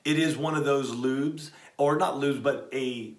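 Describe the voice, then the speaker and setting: Middle-aged male co-host, relaxed and practical, mid-range voice, roomy echo. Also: mid-range voice, a little slow. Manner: easygoing, affirming, offers practical tips. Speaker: podcast co-host. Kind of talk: casual product chat.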